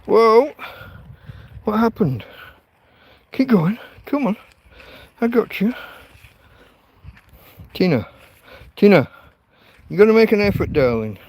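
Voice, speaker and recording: A man's voice: high voice, very animated, takes it slowly, pauses often, a little mellow, dry recording. A man, hosting a casual livestream from a tent in a field, talking to his dog in an exasperated, sweary way. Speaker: livestream host. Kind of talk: casual night-time livestream chat.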